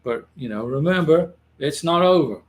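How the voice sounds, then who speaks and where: Expressive and fairly high-pitched, the man speaks at normal speed while hosting a livestream of immigration advice. He addresses viewers in a relaxed, reassuring way, repeating and restarting phrases frequently.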